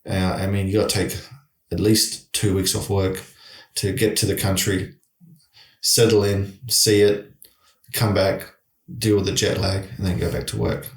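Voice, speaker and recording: Low-voiced man, rambling storyteller. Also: a little slow, distant mic. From Australia. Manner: rambling, animated storyteller with many restarts. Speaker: guest. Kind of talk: casual storytelling chat. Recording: echoey room.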